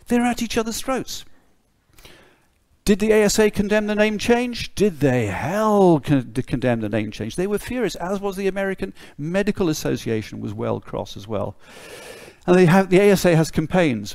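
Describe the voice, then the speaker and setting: British male lecturer, gravelly, sardonic and blunt, close dry recording. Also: on the high side, very animated, fairly quick, a little mellow, dry recording. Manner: wry, sardonic humour; blunt, mildly swearing asides. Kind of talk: conference lecture.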